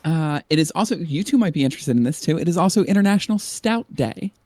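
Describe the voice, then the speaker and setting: A man's voice: on the high side, expressive, fast, dark tone, no room sound. A man from the northern US East Coast hosting a casual podcast with friends, playfully announcing odd holidays. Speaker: podcast host. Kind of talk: casual chat among friends.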